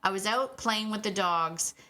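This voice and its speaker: A middle-aged woman chats through her solo podcast in a bright, clear voice. She is animated and casual, often acting out what dogs might be thinking and laughing as she goes. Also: mid-range voice, measured pace. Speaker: podcast host and dog trainer.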